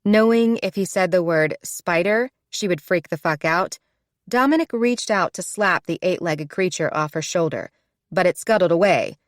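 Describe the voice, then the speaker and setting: A woman narrating a romance audiobook in a smooth, measured reading. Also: on the low side, no echo, clean studio sound. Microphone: close studio mic.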